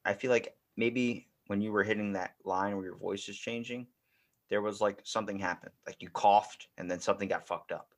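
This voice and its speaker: A podcast host with a lowish voice and fairly even intonation speaks at normal speed. He chats casually, rambling and joking, and laughs often.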